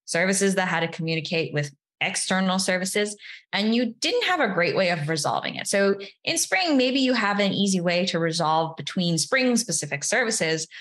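A woman's voice: medium pitch, expressive, normal speed, fairly bright tone. A woman, a developer advocate guest, explaining step by step in casual interview talk, often adding "you know" and "right".

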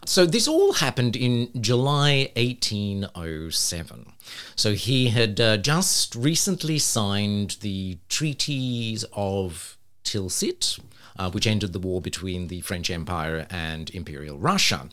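A man's voice: lowish voice, animated, takes it slowly, a bit bright. A man co-hosting a casual chat, telling a story with wry asides. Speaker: podcast co-host.

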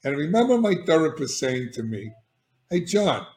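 An older man, a guest on an interview, telling his recovery story in an animated, emphatic way, often restarting sentences and checking in with "all right?". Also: medium pitch, quick pace. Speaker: guest, addiction therapist. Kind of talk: candid personal storytelling. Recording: echoey room.

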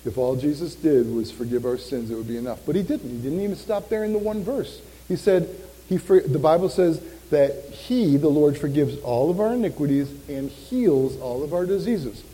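A man preaching a sermon as pastor, animated and joking, often quizzing his congregation. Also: a little high, moderate pace. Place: church hall. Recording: long reverb of a church hall.

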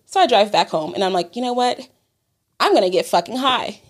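A woman's voice: medium pitch, animated, brisk. A woman telling a story in casual podcast chat, profane and exasperated, laughing often. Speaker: podcast co-host.

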